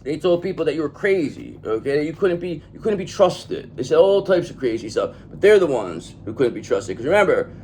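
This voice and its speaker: A man's voice: fairly high pitch, sing-song, a little fast, few pauses, darkish tone, a little hiss or hum. A man giving a tarot reading in an emphatic, profane manner, often checking in with "okay?". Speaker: tarot reader.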